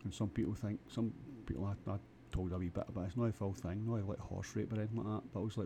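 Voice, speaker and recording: A Scottish man rambles through a comic monologue, crude and full of repeated restarts. His voice is lowish and very dark and mellow. Faint background noise runs behind him. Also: fairly even intonation, racing, hardly any pauses. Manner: crude, with frequent stammered restarts. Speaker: vlogger.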